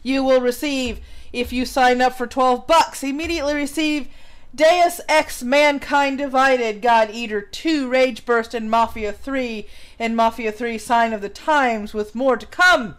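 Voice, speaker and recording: A woman's voice: high-pitched, measured pace, clear, resonant tone. A woman hosting a livestream, reading an article aloud in a mocking put-on English accent and breaking off to chat. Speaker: livestream host.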